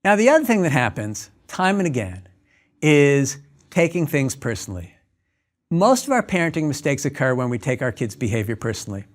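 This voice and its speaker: A clinical psychologist giving a talk, telling everyday stories and acting out the dialogue. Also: male voice, medium pitch, very animated, a little fast. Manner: storytelling, acts out dialogues. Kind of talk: lecture talk.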